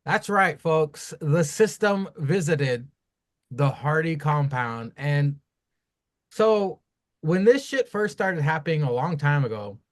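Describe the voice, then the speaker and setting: A man co-hosting a casual wrestling review podcast, talking in a profane, animated, rambling way. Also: on the high side, slow pace. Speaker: podcast co-host.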